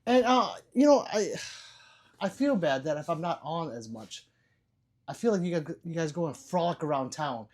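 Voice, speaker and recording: Joking livestream host reading chat aloud. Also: male voice, on the high side, expressive, normal speed. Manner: reads viewer chat aloud, joking and laughing; loose and profane.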